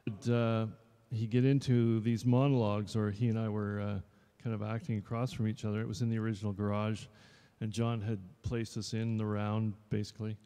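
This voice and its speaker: A man in his fifties, an actor, chats casually with a live audience in a showroom, rambling and joking as he goes. His lowish voice is dark and clean, with little pitch movement, and he talks briskly with few pauses. Long showroom reverb colors the recording.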